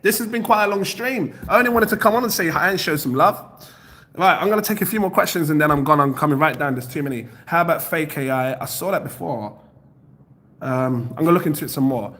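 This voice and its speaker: A man's voice: fairly high pitch, gravelly, a bit bright. A man hosting a casual crypto livestream from home, rambling as he reads out viewer comments and web pages. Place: home, near his kitchen.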